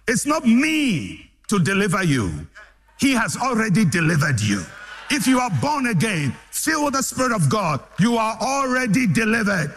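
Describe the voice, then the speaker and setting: High, animated preacher man. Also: measured pace. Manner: impassioned preaching, repeating phrases and building to shouts. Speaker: pastor. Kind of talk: sermon.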